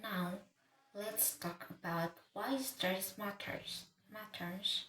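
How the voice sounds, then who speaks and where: A woman slowly explaining a lesson as a teacher. She talks haltingly and often restarts words partway through. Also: medium pitch, fairly bright tone. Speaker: English teacher. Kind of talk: slow, careful lesson explanation. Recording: echoey room with faint ambient noise.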